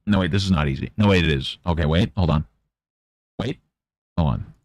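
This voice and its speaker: A man's voice: deep voice, brisk, a little mellow, no echo. A man streaming, grumbling, swearing and muttering to himself about his setup. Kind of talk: casual livestream chatter.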